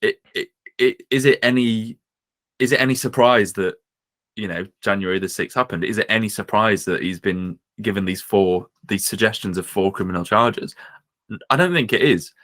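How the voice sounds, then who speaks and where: Mocking podcast co-host, low voice. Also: male voice, fairly bright tone. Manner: opinionated, mocking, slips into quick impressions. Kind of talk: casual political chat.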